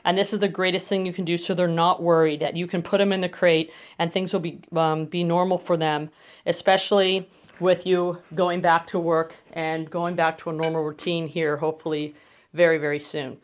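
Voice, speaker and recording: A woman with a lowish voice and little pitch movement explains crate training in steps at a moderate pace, then coaxes and praises her dogs. The instructional demo happens in a bedroom at home and was filmed on a phone.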